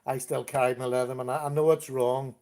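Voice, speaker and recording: A man's voice: medium pitch, little pitch movement, brisk, darkish tone. Chatty man hosting a live stream. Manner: chatty, greets viewers by name, easygoing. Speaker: livestream host. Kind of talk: casual live chat with viewers.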